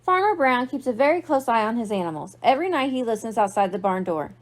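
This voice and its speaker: A woman's voice: a little high, expressive, a little fast, hardly any pauses. A young woman librarian reading a picture book aloud to children, playful and asking them questions. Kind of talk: storytime read-aloud for kids.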